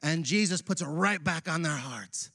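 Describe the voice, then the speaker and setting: A male pastor preaching a sermon in a church, casual and animated, using slang as he retells a Bible passage. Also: a little high, normal speed, dry recording, clean studio sound. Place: church sanctuary.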